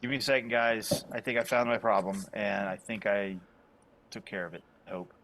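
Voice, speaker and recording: A man running a tabletop game online as game master, joking and animated. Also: lowish voice, normal speed.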